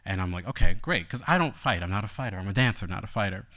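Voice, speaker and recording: A man telling a personal story on stage, animated and playful, later quiet and reflective. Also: low voice, racing.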